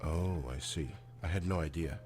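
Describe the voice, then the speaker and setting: An actor playing a frank, probing male doctor in a game, with a measured, clinical delivery. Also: very deep voice, darkish tone. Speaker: game character. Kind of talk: studio game voice acting.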